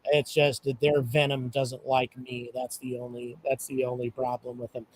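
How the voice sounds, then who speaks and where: A man's voice: mid-range voice, normal speed, slight background noise, low-quality recording. Chatty man hosting an outdoor live stream. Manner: relaxed, chatty, many fillers, greets viewers by place. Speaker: livestream host. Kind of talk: casual live stream chat. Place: outdoors at a launch site.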